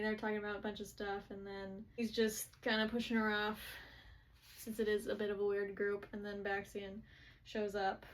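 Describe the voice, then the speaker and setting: A woman casually recapping book chapters, chatty and full of quick quoted asides. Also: mid-range voice, fairly bright tone.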